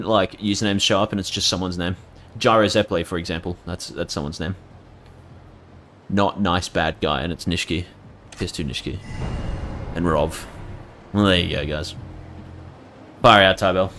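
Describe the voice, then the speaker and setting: A man's voice: low voice, steady tone, a little slow, long pauses, a bit bright, slight background noise. A man with an Australian accent giving casual, rambling, jokey commentary as he streams a game and reads out chat names.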